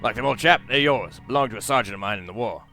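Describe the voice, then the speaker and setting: A man's voice: medium pitch, fast talker, pushed and bright, faint music behind. A man voicing an eccentric old British brigadier with a pompous, exclaiming manner while reading game dialogue aloud. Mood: blustering.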